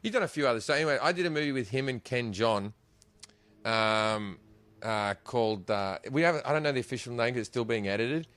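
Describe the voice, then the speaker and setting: A man's voice: mid-range voice, expressive, a little fast, a bit bright, no echo. An Australian man, a podcast guest, telling stories in casual chat, laughing often and swearing freely.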